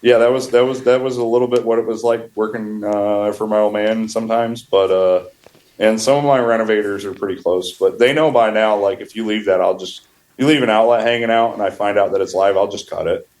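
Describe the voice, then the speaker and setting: A man's voice: fairly low pitch, fairly even intonation, a little fast, darkish tone, rough recording. A man from upstate New York, a flooring contractor, telling rambling work stories in casual podcast talk, laughing often and restarting his phrases. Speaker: wood flooring contractor guest.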